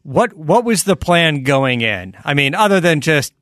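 A man's voice: on the high side, very animated, unhurried, fairly bright tone, no room sound, studio quality. A man co-hosting a casual interview podcast, asking rambling, loosely built questions and laughing easily. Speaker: podcast co-host.

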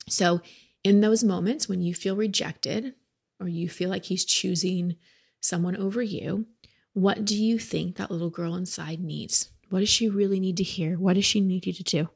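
A woman with a low, gravelly voice coaches a caller. She talks in a direct, gentle tone. She sounds like she's in her thirties. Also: fairly even intonation, fairly quick. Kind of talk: advice podcast with a caller.

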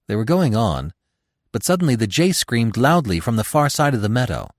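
A man narrating a classic novel in an expressive, dramatic storytelling manner. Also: medium pitch, a little fast, dry recording, clean studio sound.

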